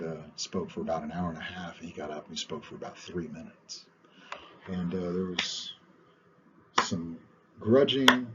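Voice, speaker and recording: A man with a very low voice lectures in an unhurried, conversational way and stops often on "uh". The sound is dull and lo-fi, with a faint hiss underneath. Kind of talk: recorded lecture on public speaking. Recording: muffled lo-fi recording with faint hiss.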